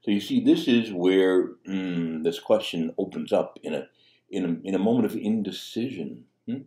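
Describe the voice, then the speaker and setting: A man's voice: low-pitched, lively intonation, moderate pace, warm tone. A man preaching a sermon as a priest, talking conversationally with fillers and restarts. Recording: echoey room.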